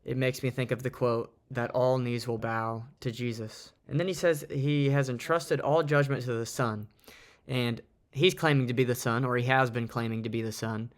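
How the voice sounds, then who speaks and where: A man's voice: mid-range voice, fairly even intonation, normal speed. A man giving an earnest, reflective Bible teaching, reading and explaining from his notes. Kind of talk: informal Bible study talk.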